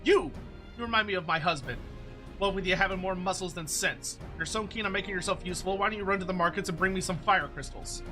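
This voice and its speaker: A man's voice: sits high, quick pace, over music, voice pushed up, natural voice. A man voicing a brash middle-aged woman, a cook and healer mother who bosses others around. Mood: scolding. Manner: bossy, scolding.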